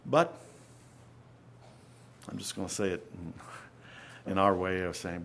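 A man preaching an earnest sermon, often dropping to a hush and then rising to loud emphasis. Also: low-pitched, a little slow, gravelly, pauses often, a little hiss or hum.

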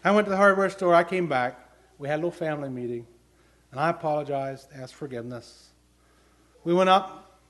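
A man's voice: a little high, fairly quick, long pauses, a bit bright. A middle-aged man preaching a sermon, telling personal stories in an earnest way and building to emphatic questions.

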